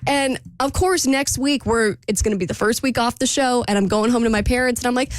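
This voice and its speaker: A woman co-hosting a radio show, telling a self-deprecating story in animated, casual chat. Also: fairly high pitch, a little fast, no room sound, studio quality.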